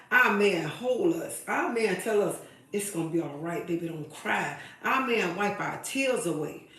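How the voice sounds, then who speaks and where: A woman on a live stream passionately lectures other women with emphatic advice, repeating herself for weight. Her medium-pitched voice is picked up at a distance in a very echoey room.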